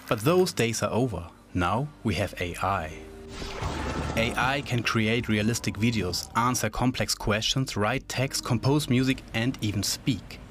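A man reading scripted news narration in a measured, even way. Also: mid-range voice, a little hiss or hum. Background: faint music.

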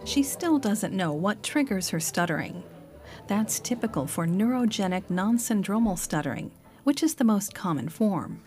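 A woman giving calm, measured scripted narration and voice-over translation for a documentary. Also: mid-range voice.

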